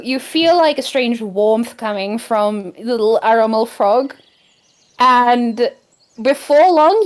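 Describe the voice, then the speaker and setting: A woman narrating as game master of an improvised tabletop game, in a gentle, unhurried way. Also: high voice.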